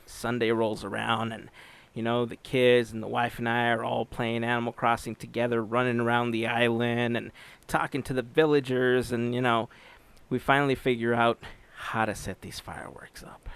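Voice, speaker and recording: A man's voice: medium pitch, level tone, moderate pace, vocal fry, a bit bright, clean tone. A middle-aged man hosting a podcast, reading announcements and then chatting casually, telling stories in an upbeat way. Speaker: podcast host.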